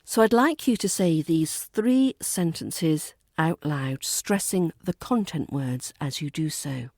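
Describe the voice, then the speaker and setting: A woman with a British RP accent, teaching a pronunciation lesson and modelling example sentences slowly and deliberately. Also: low-pitched, animated, a little mellow, dry recording, clean studio sound. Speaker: accent coach.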